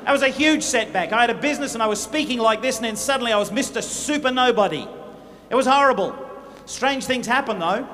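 Give me an animated male motivational speaker with a high voice, faint noise behind. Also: fast. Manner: animated, humorous, dramatic. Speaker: motivational speaker at business event. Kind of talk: motivational speech with storytelling. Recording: echoey hall with faint noise.

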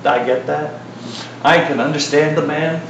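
A man's voice: fairly high pitch, a little slow, vocal fry, dull audio. A middle-aged male preacher gives a sermon in a chatty, joking way, with a slightly raised voice. He is heard from a distance in a large hall that echoes strongly, with a faint room hum behind him. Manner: conversational, joking asides, animated retelling.

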